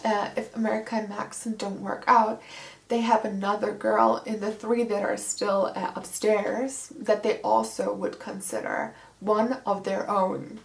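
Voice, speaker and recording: A woman's voice: a little high, creaky. Snarky young woman recapping a book. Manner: sarcastic and snarky. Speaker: book vlogger. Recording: roomy echo.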